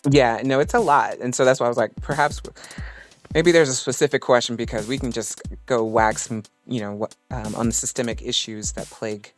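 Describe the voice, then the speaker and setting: A man's voice: medium pitch, steady tone, a little fast, soft background music. Man thinking aloud in a discussion. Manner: thinking aloud, hedging with fillers. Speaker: panel guest. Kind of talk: casual group discussion.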